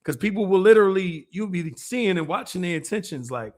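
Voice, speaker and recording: A man's voice: high-pitched, lively intonation, a little fast, a little mellow. A man hosting a stream, giving laid-back, amused streetwise commentary. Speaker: livestream host. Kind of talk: casual commentary chat.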